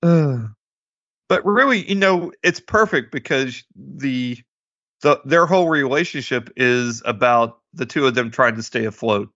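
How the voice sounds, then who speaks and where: A man co-hosting a casual movie review podcast, animated and often laughing as he acts out scenes. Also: mid-range voice, unhurried, no echo, muffled recording. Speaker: podcast co-host.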